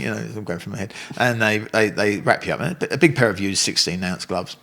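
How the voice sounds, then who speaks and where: A man's voice: on the low side, brisk, vocal fry. An older man telling stories in a casual interview, swearing freely and acting out other people's voices. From England. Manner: animated storyteller, swears freely, acts out voices. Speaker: guest, Muay Thai fighter and coach.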